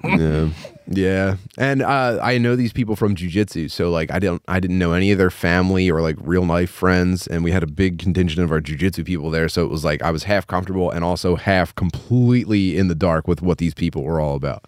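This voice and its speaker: A man with a lowish voice tells a rambling story on a comedy podcast, poking fun at himself and swearing freely. The sound is dry and close, with no room behind him. He laughs his way through the chat. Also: a little fast, dry recording. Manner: storytelling, self-deprecating, crude, laughs often. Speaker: podcast co-host.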